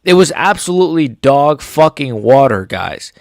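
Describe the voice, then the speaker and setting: A young man rants about fights in a profane, heated reaction, his voice sitting a little high for a man. He swings from grumbling into sudden shouts. The sound is dry and close to the mic. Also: very animated, normal speed, dry recording. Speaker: MMA commentary YouTuber.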